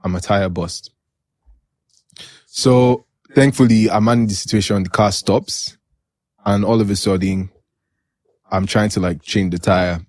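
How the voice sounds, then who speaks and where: Nigerian guy hosting a podcast, low voice, dry close sound, chatty storyteller. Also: a little slow, long pauses, dry recording. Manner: animated, laughs often while telling stories. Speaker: podcast host. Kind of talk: casual storytelling chat.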